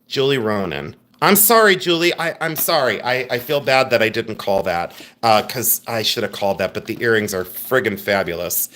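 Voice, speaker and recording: Guy running a live jewelry sale, jokey and rambly, pitch jumps around a lot. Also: expressive, normal speed, hardly any pauses, a bit bright. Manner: chatty, joking, rambling. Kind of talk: casual live-stream selling.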